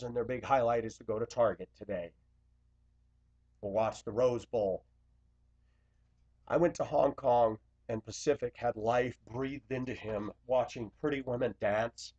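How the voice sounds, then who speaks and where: A man speaking to camera in an impassioned confessional monologue, blunt and confrontational, swinging between loud outbursts and quiet asides. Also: mid-range voice. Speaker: Christian video blogger. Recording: dull lo-fi recording.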